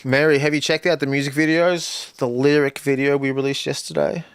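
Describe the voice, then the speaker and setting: Man, livestream rapper, mid-pitched, thinks out loud, mumbles lyric drafts, dry booth sound. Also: steady tone, fairly quick, clean tone, no room sound. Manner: thinking aloud, muttering lyric ideas. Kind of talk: casual livestream chat.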